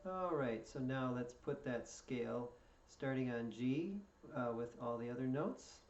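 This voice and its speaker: A patient male fiddle teacher talks through a tune and counts in slowly. His voice sits back from the microphone in an echoey room, with a dull, muffled tone. Loud fiddle playing fills the gaps between his explanations. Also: medium pitch, lively intonation, over loud music. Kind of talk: step-by-step music lesson. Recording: echoey room, distant mic, dull sound.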